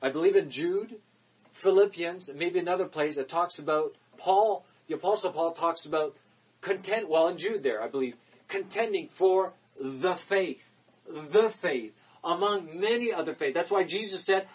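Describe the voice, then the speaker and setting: Male preacher, sermon delivery: emphatic repeated declarations, quick asides, husky tone. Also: high-pitched, expressive, muffled recording.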